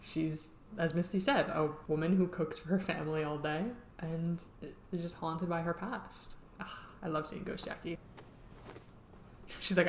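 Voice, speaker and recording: A young woman giving casual commentary while reacting to a TV episode, chatty and excitable, laughing often and saying "like" a lot. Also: fairly low pitch, measured pace, slight background noise. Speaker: TV reaction vlogger. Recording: roomy echo.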